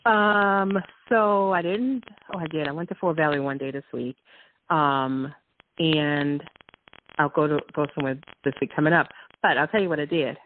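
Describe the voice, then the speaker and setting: A woman's voice: deep voice, steady tone, normal speed, a little hiss or hum. Rambling woman on a phone line. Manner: rambling, giggly. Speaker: co-host. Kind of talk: casual chat. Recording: tinny phone-line sound.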